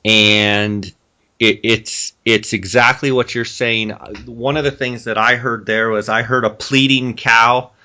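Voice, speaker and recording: A man's voice: mid-range voice, unhurried. A man hosting an outdoors podcast, chatting casually and recapping things for listeners. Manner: relaxed, conversational, recaps for listeners. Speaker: podcast host. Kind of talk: casual interview chat.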